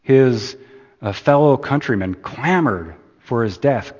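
A man preaching a sermon, slow and deliberate, building emphasis and then easing off at the ends of phrases. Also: mid-range voice, lively intonation, a little mellow. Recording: dull sound in a reverberant hall.

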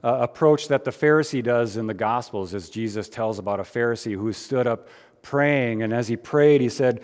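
A pastor giving a conversational sermon, with frequent fillers and restarts. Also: male voice, medium pitch, normal speed, darkish tone, big-room sound.

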